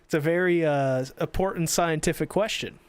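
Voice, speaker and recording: A man's voice: on the high side, moderate pace, clear, resonant tone, no room sound, studio quality. A man co-hosting a podcast in casual chat, teasing his co-hosts and reading out comments from the live chat. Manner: teasing, jumps in and reads chat aloud. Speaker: podcast co-host.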